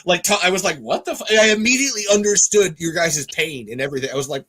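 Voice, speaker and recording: A man hosting a casual podcast chat, excitable and sweary, his voice jumping up when he gets riled. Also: sits high, fast talker. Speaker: podcast host.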